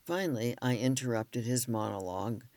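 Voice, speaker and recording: A man, a relationship counselor and author, reading self-help narration in a gentle, measured way. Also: medium pitch, expressive, no room sound.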